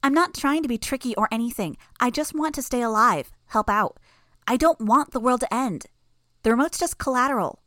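A woman's voice: on the high side, moderate pace, fairly bright tone, no room sound, studio quality, voice pushed up, close to an everyday voice. A woman voicing an eerie, murderous little girl with a sweet, childish manner in a fan audiobook. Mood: earnest pleading. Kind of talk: audiobook character voice.

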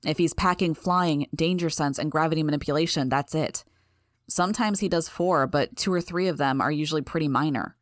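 A woman voicing a steady young male team leader explaining things evenly. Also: deep voice, brisk, no room sound, studio quality, close to an everyday voice.

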